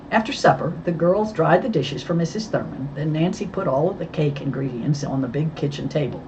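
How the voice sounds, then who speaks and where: Low, lively woman narrator for a storybook; dull, lightly hissy recording. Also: a little fast, hardly any pauses. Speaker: audiobook reader.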